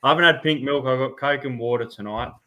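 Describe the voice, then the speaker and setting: A man's voice: mid-range voice, quick pace, pushed and bright. An Australian man on a podcast panel, talking casually and a bit sheepishly. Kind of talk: casual chat.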